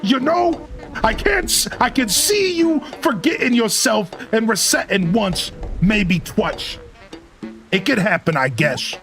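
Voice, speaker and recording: A man voicing a grumpy male mole who rants and scolds the player with gruff shouts. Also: high voice, lively intonation, takes it slowly, faint music behind, exaggerated voice. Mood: accusing. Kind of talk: reading game dialogue aloud in character.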